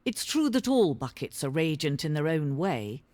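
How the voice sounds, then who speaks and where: A man's voice: a little high, sing-song, a little mellow, dry recording. An actor playing a grandiose, solemn male narrator in a game, speaking in a reverent, stately way. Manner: pompous, reverent, slow and stately.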